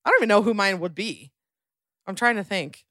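A woman's voice: medium pitch, a bit bright, dry recording, studio quality. A woman hosting a podcast, bubbly and chatty, talking casually with her partner. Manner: bubbly, chatty, quick bursts. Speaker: podcast host. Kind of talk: casual chat.

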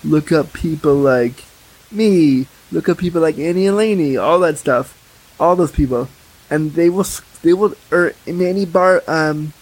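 A man with a somewhat higher, husky voice chats on a podcast. He tells stories bluntly and candidly, with lively asides and frank opinions. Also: normal speed, low-quality recording. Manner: candid, blunt, animated storytelling. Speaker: podcast guest. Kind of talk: casual podcast chat.

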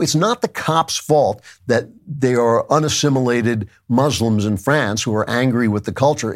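A man hosting his own podcast, delivering an emphatic political commentary monologue in a conversational manner, with asides and quick self-corrections. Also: mid-range voice. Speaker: podcast host.

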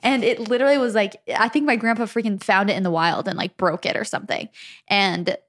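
A woman's voice: medium pitch, steady tone, a little fast. A young woman from Arizona co-hosting a casual chat podcast, giggly and chatty as she tells stories. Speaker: podcast co-host.

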